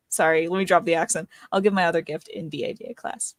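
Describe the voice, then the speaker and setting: A woman playing a tabletop game, speaking gently and hesitantly with many ums. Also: on the low side, steady tone, quick pace, dry recording, clean studio sound. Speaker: player.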